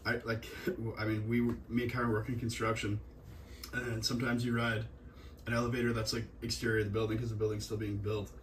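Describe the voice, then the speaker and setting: A man's voice: fairly low pitch, flat delivery, fast, fairly bright tone. Rambling, profane man, distant mic. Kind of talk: casual podcast chat. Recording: distant mic, faint background noise.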